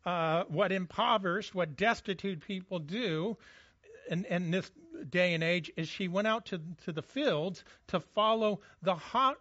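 An earnest pastor with a fairly high voice preaches, often stumbling over repeated words as he pushes his point. The sound is dry and a bit dull, with no room around it. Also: fairly bright tone, no room sound. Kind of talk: sermon.

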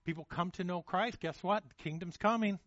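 A man's voice: sits high, fairly quick, a bit bright, no room sound, highs cut off. A man preaching a sermon in a casual, conversational way, often repeating words as he restarts and checking in with "okay?" and "right?". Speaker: pastor.

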